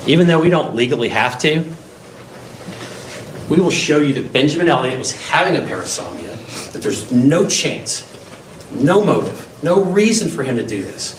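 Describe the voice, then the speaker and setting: A male defense attorney giving an opening statement to a jury, emphatic and full of rhetorical questions. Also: on the high side. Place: courtroom. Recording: echoey courtroom, distant mic, faint hiss.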